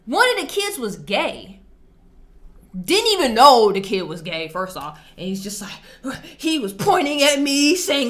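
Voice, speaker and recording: A woman's voice: sits high, very animated, measured pace, fairly bright tone. A young adult woman telling a story and reacting to posts in a casual, slangy and emphatic way. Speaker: vlogger reacting to online posts.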